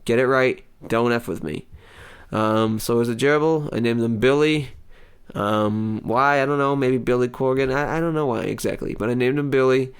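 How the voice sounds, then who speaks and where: A man hosting a comedy show, telling a rambling personal story with many pauses and mock-dramatic outbursts. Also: medium pitch, clear, resonant tone. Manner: hesitant, full of ums, mock-dramatic outbursts. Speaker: comedy podcast host. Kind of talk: rambling comic monologue.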